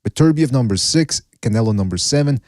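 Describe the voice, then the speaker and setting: Quick-talking man hosting a podcast panel, keeps order, dry sound. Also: medium pitch, lively intonation, no room sound. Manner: reads chat shout-outs, herds the panel. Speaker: podcast host. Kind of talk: casual panel podcast chat.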